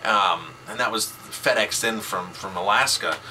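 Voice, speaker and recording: Emphatic chef with a bright voice. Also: male voice, lowish voice, measured pace, slight background noise, low-quality recording. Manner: emphatic, repeats words for stress. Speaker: chef and food advocate. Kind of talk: casual video blog talk.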